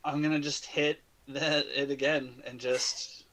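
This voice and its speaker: Male player, bright sharp voice, hesitant with fillers. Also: mid-range voice, level tone, a little slow, low-quality recording. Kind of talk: casual tabletop game chat.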